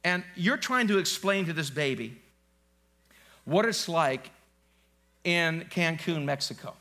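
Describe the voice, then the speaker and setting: A man's voice: a little high, animated, slow, bright, forceful tone. A male pastor preaching a live church sermon in a conversational, joking way, often quizzing the congregation. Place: church sanctuary, live service.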